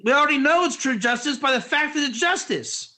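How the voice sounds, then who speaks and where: Excitable high-voiced man teaching Torah. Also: a little fast. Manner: excitable, rhetorical, voice jumps up when animated. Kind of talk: animated Torah class.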